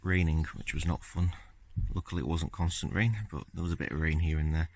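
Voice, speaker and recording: A man talking casually through his car-repair video diary on a handheld phone camera, relaxed and rambling with lots of fillers. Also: low voice, brisk, husky, dry recording. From Scotland.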